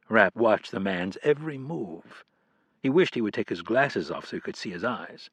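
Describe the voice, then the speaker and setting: Low, measured male audiobook narrator. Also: animated, a bit bright, slightly rough, dry recording. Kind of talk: scripted narration.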